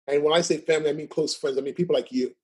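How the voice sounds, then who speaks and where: A man's voice: fairly high pitch, steady tone, very fast, breathy edge. A man telling stories as a guest in a casual chat, who laughs often, keeps asking "right?" and stutters at times. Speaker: podcast guest.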